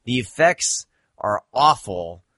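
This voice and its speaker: A male podcast host chatting casually, rambling and swearing as he goes. His voice sits at a middle pitch, recorded dry and close with little room sound. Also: lively intonation, takes it slowly, a bit bright, no room sound. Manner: rambling, profane, self-deprecating. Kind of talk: casual chat.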